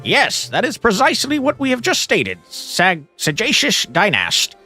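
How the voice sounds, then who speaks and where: A man's voice: sits high, wildly swooping pitch, a little slow, sharp tone, soft background music, pitched above the performer's own voice, exaggerated voice. A man reading out a pompous, long-winded male count in a video game, in a grandiose, overly formal manner. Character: pompous verbose male count, fawning herald. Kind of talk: reading game dialogue aloud.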